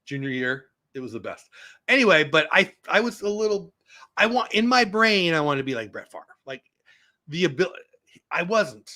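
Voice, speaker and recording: A man in his fifties talking casually to viewers on a live stream, answering comments as they come in. His voice sits a little high for a man, with a bright, forward edge and a lively pitch that swings widely when something excites him. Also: normal speed. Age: 50s. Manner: animated, excitable, talks back to chat. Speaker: vlogger hosting a live stream.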